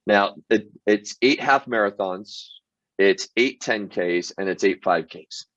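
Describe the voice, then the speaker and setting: A man's voice: fairly low pitch, takes it slowly, a bit bright, dry recording, highs cut off. A man hosting a motivational sales show, telling stories earnestly with frequent restarts and filler words. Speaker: sales team leader and show host. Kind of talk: motivational storytelling monologue.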